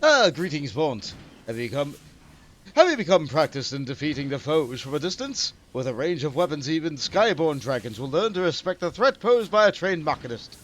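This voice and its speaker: A man's voice: a little high, sing-song, moderate pace, a bit bright, pitched below the performer's own voice. A man voicing a formal, courtly male mentor, reading game dialogue aloud in an old-fashioned way.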